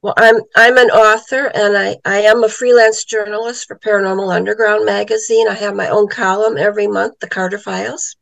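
A woman's voice: medium pitch, fairly even intonation, brisk, creaky, hardly any pauses, no room sound, low-quality recording. A middle-aged woman, an author and psychic medium, telling a story in a casual interview and acting out the voices she quotes.

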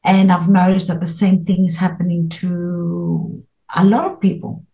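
A woman's voice: lowish voice, little pitch movement, measured pace, vocal fry, dark tone, low-quality recording. A middle-aged woman as an interview guest, talking earnestly and at length, with many restarts and fillers. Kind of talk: interview, spiritual experiences.

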